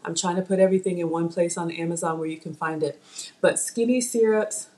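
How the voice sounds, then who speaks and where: A young woman with a light Southern US accent, born in Ghana, chats with her viewers while she cooks on a live stream. Her voice sits a little low, and she keeps up an easy, talkative flow. She is recorded on a tablet mic. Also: steady tone, fairly quick, warm tone. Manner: chatty, talks straight to viewers. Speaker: cooking channel host. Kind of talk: live-streamed cooking chat.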